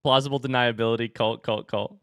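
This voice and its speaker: A man's voice: medium pitch, steady tone, brisk, fairly bright tone, clean tone. A young man streaming a game live, chatting and joking with his viewers, out of breath after running upstairs. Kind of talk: casual live-stream chat.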